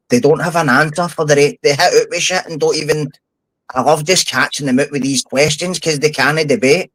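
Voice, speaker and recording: A man's voice: fairly high pitch, fairly even intonation, fairly quick, a bit bright, dry recording, poor audio. Scottish man, podcast guest, blunt and fired up, swears a lot, dry close sound. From Scotland. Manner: blunt, heated, swears often. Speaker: podcast guest, former prisoner. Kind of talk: casual podcast chat.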